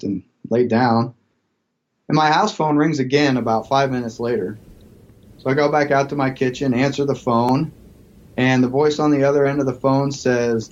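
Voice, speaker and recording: A man's voice: medium pitch, normal speed, darkish tone, muffled recording. A man, a police negotiator and psychology professor, telling a story as a podcast guest and acting out the quoted voices.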